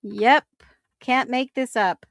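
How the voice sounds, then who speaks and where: A woman's voice: on the high side, fairly even intonation, slow, no room sound, clean studio sound. A woman hosting a talk show, thinking aloud in casual commentary and reacting with incredulous exclamations. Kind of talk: casual commentary on case documents.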